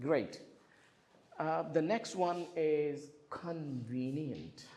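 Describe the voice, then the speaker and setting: A man teaching English vocabulary to a classroom, asking clear questions and having the students repeat words. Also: a little high, background noise. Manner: slow and clear, with lively questioning and drilling.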